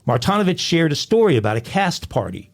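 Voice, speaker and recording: A man co-hosting a crime podcast, reading out a news story in a steady storytelling way with wry asides. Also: on the high side, brisk. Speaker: podcast co-host.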